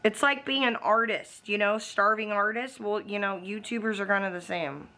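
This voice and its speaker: Bright-voiced woman ranting bluntly to camera. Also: medium pitch, normal speed, few pauses. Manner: talks to the camera. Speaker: vlogger. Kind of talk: casual vlog rant.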